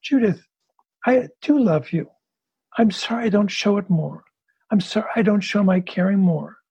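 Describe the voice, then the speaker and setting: Man as a relieved middle-aged husband, gentle, high-ish voice, dull recording. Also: normal speed, creaky, breathy edge, no room sound, full character voice. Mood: tender.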